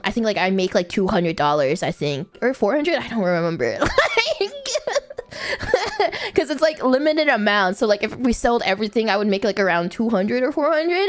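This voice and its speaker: Woman, high-pitched, casual chat, fillers, giggling. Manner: rambling, giggly, many fillers. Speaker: streamer.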